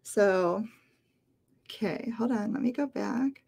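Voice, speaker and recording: Slow, higher-voiced woman teaching English. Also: creaky, darkish tone, husky. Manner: slow, repeats words for learners. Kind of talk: livestream lesson.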